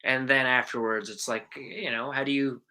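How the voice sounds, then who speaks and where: Bright-voiced man telling stories. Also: mid-range voice, normal speed. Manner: animated storyteller, acts out quotes, swears casually. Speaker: actor guest. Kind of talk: casual interview storytelling.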